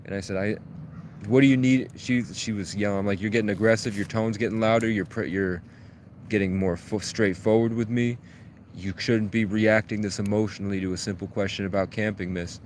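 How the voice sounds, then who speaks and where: Man, low voice, rambling and profane outdoor phone livestream, light background hiss. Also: fairly even intonation, fairly quick. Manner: profane, rambling, agitated storytelling. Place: outdoors in the woods. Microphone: phone held at arm's length.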